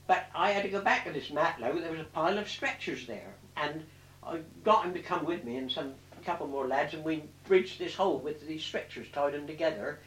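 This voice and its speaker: This oral history comes from an older war veteran whose fairly high, bright voice moves a little fast as he wanders through his recollections, cursing freely and fixing his own words along the way. A distant microphone makes it sound roomy, and there's slight background noise.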